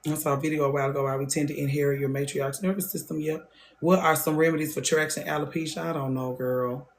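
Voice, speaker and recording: A woman's voice: deep voice, level tone, quick pace, a little hiss or hum. Woman, thirties, hairstylist host, casual monologue, blunt, swears a lot, hammers points by repeating. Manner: blunt, profane, repeats phrases for emphasis.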